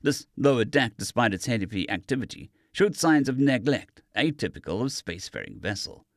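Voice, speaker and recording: An expressive male narrator reads an audiobook in a mid-range voice at normal speed. The recording is clean studio audio with no room sound.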